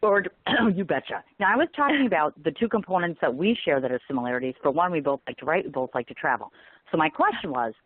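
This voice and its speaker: Chatty woman interview host calling from a hotel, lively pitch, tinny phone-line sound. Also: quick pace, husky, no room sound. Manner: chatty, apologetic, animated. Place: hotel room.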